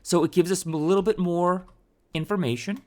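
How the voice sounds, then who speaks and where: A man's voice: high-pitched, a little fast, darkish tone. A man teaching a programming tutorial over a screen recording, talking casually and thinking aloud with fillers and restarts.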